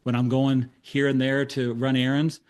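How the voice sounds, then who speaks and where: A middle-aged male therapist with a mid-range voice speaks at a moderate pace while presenting a case story in a talk. He's an animated storyteller, acting out the quoted dialogue and poking fun at himself.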